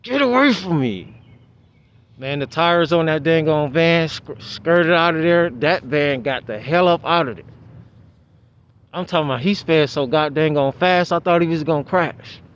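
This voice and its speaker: Brief: man vlogger, rambling outdoor storytelling, slightly high voice, dull lo-fi sound with faint traffic. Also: clean tone. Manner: rambling, restarts, animated retelling. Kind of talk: casual storytelling monologue.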